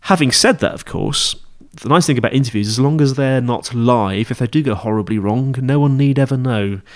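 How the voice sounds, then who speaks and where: A man's voice: medium pitch, a little fast. Male podcast host, casual teaching monologue, rambling and self-correcting. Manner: chatty, rambling, with frequent fillers and self-corrections.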